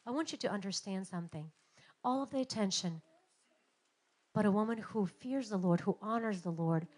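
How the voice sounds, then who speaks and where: A woman in her thirties preaching a sermon, telling stories and acting out quotes with big swings in loudness. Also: mid-range voice. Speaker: pastor.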